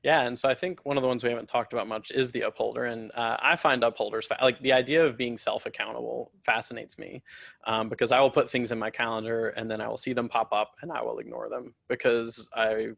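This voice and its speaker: Fast-talking gravelly male host. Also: mid-range voice, little pitch movement, fairly bright tone, no echo. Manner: rambling questions, many fillers like 'like'. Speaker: podcast host. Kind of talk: casual interview chat.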